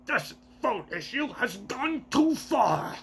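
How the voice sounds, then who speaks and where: A man voicing a spoiled, cruel noble with a deliberately ugly, pompous voice. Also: extremely high pitch, big pitch swings, gravelly, fairly bright tone, slight background noise, pitched above the performer's own voice, heavily acted. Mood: pompous, indignant. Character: spoiled jowly male noble, whiny and cruel.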